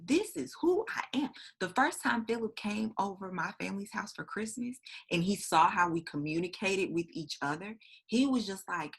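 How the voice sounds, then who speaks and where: A young woman co-hosting a casual chat who tells personal stories in a candid, reflective way, with a husky voice. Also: medium pitch, a bit bright. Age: young adult. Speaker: podcast co-host.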